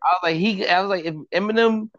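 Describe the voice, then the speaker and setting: Male co-host, fairly high voice, blunt and opinionated, on a dull lo-fi mic. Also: fast, a crowd in the background. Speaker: podcast co-host. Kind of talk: casual debate chat.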